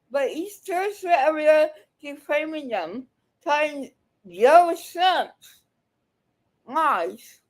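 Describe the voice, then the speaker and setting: A woman with a high voice ranting in reaction commentary, cursing and scolding the person on screen. She talks slowly and lands each jab hard, angry and heated the whole way through. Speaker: video commentator reacting to clips.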